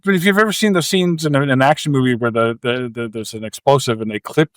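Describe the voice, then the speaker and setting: A man's voice: mid-range voice, fast talker, no room sound. A man co-hosting a movie podcast, recapping scenes in casual chat and acting out quotes and sound effects. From Canada. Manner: animated storytelling, acts out quotes and sound effects. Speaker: podcast co-host.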